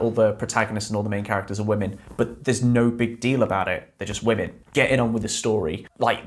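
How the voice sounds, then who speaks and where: A man co-hosting a podcast, chatting casually and giving opinions from his notes. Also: on the low side. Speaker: podcast co-host. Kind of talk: casual chat.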